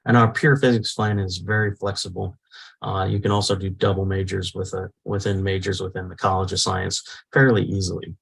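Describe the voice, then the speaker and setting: Gravelly low-voiced man, halting speech. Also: level tone, rough recording. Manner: hesitant, many "uh" fillers. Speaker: physics professor introducing a talk series. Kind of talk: welcome remarks at an online talk.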